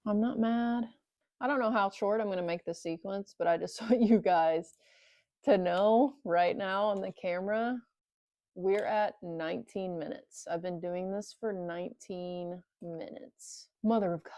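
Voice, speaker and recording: This woman's medium-pitched, dark-toned voice comes at a measured pace in a muffled recording without room sound. A motorcycle vlogger, she works on a bike in a cold garage and talks casually to the camera, hands cold, muttering, cursing and joking sarcastically to herself.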